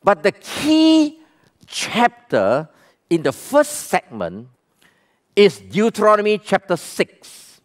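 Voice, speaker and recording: In this sermon, a man with a Malaysian English accent preaches as pastor in a high voice whose pitch swoops wildly, keeping a slow pace. He is emphatic, asking questions of the congregation and calling them to respond.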